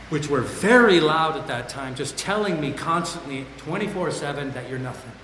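A man with a slightly higher-than-average voice tells his recovery story with raw, self-deprecating candor. His words ring out through a large hall with long, echoing reverb, and a faint room ambience sits underneath. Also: a bit bright, slight background noise. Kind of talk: candid personal testimony.

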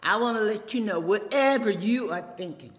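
A woman's voice: mid-range voice, lively intonation, moderate pace. A middle-aged woman with a Louisiana accent, giving a chatty, joking personal testimony at a podium in a meeting room. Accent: Louisiana Southern. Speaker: speaker at a recovery meeting. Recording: reverberant hall.

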